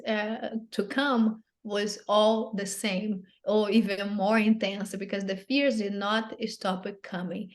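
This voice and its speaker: A woman telling a personal story as an interview guest, earnest and halting, often repeating and restarting phrases, in non-native English grammar. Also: medium pitch.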